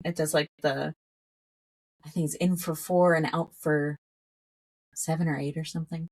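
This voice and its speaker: With a deep, husky voice at normal speed, a woman guesting on a podcast recounts a story conversationally. She stays animated throughout, laughing often and dramatizing her earlier words.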